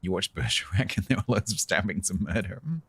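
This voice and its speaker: Very deep-voiced British man, husky, dry. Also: lively intonation, fast talker. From Britain. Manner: dry, sarcastic banter with chat. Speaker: game streamer. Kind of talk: casual live-stream chat.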